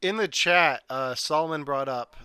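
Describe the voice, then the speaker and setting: A man's voice: on the high side, moderate pace, crowd noise. A man hosting a casual podcast chat, leading the talk and asking his co-hosts questions. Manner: leads the talk, asks questions. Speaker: podcast host.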